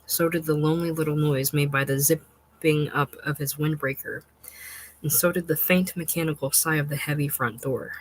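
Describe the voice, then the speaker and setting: A narrator reading a literary short story in a measured, unhurried and expressive way. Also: mid-range voice, a little hiss or hum, low-quality recording.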